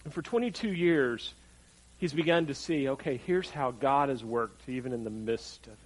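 A man's voice: mid-range voice, normal speed, low-quality recording. A man preaching a sermon in a conversational way, repeating his phrases for emphasis. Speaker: pastor.

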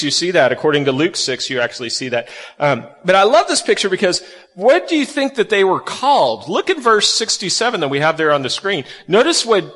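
A pastor with a high, somewhat bright voice preaches conversationally in a big-room sound. As he walks through scripture, he poses questions to his listeners.

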